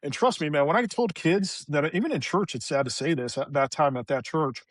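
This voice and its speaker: A man speaks as a podcast guest, telling stories in a relaxed, animated way. He slips into the voices of the people he quotes. His voice sits a little high, and the recording is close and dry with no room sound. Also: a little fast, no echo. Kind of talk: casual conversational storytelling.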